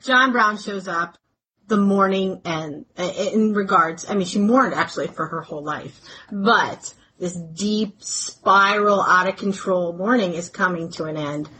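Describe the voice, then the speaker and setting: Conversational woman, mid-pitched podcast host. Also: sharp tone, a little hiss or hum, rough recording. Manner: conversational, hedging, quick to agree. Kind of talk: casual history chat.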